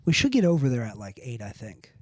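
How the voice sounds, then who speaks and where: A young man hosting a podcast, chatting casually and reacting with quick, easygoing replies. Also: medium pitch, big pitch swings, no room sound, studio quality. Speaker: podcast host.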